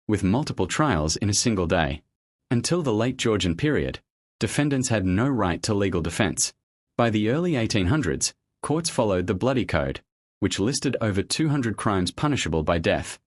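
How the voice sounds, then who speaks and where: A man with a low voice narrates a documentary script at a measured, steady pace. His intonation rises and falls a lot as he tells the story. The sound is dry and close, with no room around it. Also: no echo.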